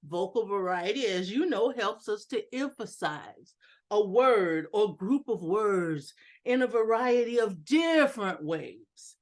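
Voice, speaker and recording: A woman giving an instructional talk over a video call, deliberate and emphatic, joking about her own lack of technical skill. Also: expressive. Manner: deliberate, varies pitch and loudness for emphasis. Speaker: educational speaker at a club meeting. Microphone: video call computer mic.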